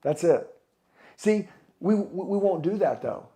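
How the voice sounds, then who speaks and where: A man's voice: sits high, lively intonation, measured pace, mellow. A middle-aged man giving a blunt, profane motivational speech to a live audience at a conference, firing questions at the crowd. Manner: blunt, swearing, fired-up, asks the crowd questions. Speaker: motivational speaker.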